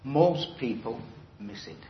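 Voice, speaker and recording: A middle-aged man preaching to a church hall, emphatic and conversational, often stopping to put questions to his listeners. His voice sits at an ordinary male pitch. It carries the echo of a large room, slightly dulled, with a faint rumble beneath. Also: animated, takes it slowly. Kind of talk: evangelistic sermon. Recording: roomy, slightly dull hall recording.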